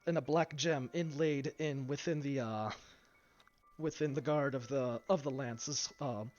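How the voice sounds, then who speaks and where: A man narrating a tabletop game as game master, halting over his words with frequent fillers and restarts. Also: medium pitch, steady tone, darkish tone. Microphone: streaming mic. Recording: dull lo-fi stream, faint music.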